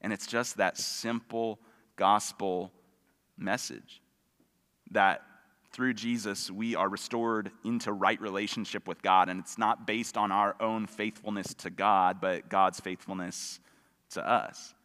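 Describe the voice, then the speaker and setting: A man preaching a sermon in a relaxed, conversational way, with dry humor. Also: fairly low pitch, a little slow. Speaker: pastor. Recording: long reverb of a hall.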